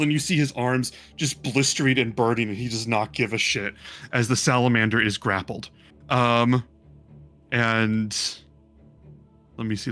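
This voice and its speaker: A man's voice: medium pitch, fairly bright tone. A man narrating a tabletop game as game master, rambling with many fillers.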